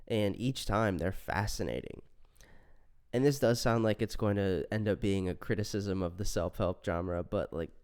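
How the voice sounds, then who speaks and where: A man hosting a solo science podcast, stuffy from a cold, explaining in a relaxed, conversational way. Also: lowish voice, clear, resonant tone. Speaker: podcast host.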